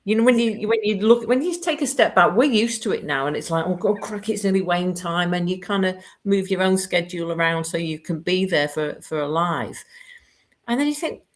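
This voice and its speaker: Woman, interviewer, low-pitched, chatty, lively. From United Kingdom. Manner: chatty, lively, quick asides. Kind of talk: casual live-stream interview.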